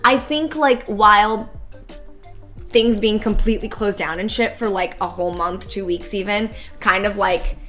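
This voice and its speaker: A woman's voice: mid-range voice, moderate pace, fairly bright tone, soft background music. A woman guesting on a podcast, talking in a rambling casual way with many fillers and casual swearing. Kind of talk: casual chat.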